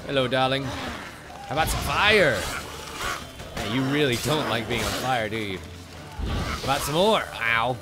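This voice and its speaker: A man's voice: mid-range voice, moderate pace, music in the background. A man hosting a let's play, chatting playfully and talking back to the characters on screen. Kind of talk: casual gameplay commentary.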